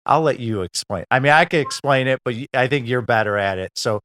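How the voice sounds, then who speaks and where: A man hosting an interview show, asking relaxed, rambling questions full of fillers. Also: medium pitch, fairly quick. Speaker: podcast host. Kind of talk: casual interview chat.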